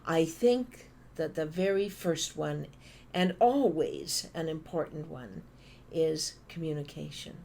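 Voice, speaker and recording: Woman, from Canada, motivational speaker, low-pitched, lively storytelling, faint background noise. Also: slow pace, creaky. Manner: animated storyteller acting out phone calls. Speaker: conference speaker. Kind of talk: motivational talk.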